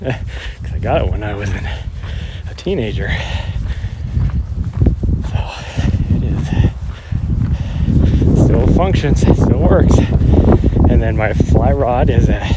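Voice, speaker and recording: A man's voice: medium pitch, animated, slow pace, pauses often. A man chatting casually while hiking up a mountain trail, rambling and correcting himself as he goes, sometimes short of breath. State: out of breath at times. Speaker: trail runner vlogging. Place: outdoors on a windy mountain trail. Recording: loud wind and outdoor noise. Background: wind, distant vehicle.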